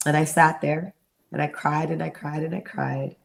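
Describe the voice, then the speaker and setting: A woman's voice: low voice, level tone, normal speed, vocal fry. A middle-aged woman giving an earnest personal testimony in an interview, acting out the voices she remembers. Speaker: interview guest, mentor and therapist.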